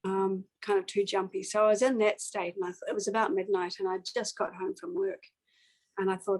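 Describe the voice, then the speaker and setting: A woman's voice: medium pitch, level tone, rough recording. Earnest woman telling a personal story. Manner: reflective and earnest, with many pauses and fillers. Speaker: singer-songwriter guest.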